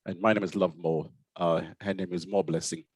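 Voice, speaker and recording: A middle-aged man from Zimbabwe with a Zimbabwean accent softened by years in the UK, telling his story in a relaxed, self-deprecating way with plenty of fillers and restarts. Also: low-pitched, moderate pace, breathy edge, no echo. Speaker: guest, consultant pediatrician. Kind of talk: casual conversational storytelling.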